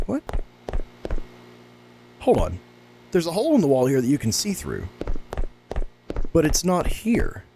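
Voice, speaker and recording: Excitable swearing man playing a horror game. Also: fairly high pitch, slight background noise. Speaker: gaming YouTuber. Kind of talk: let's play commentary.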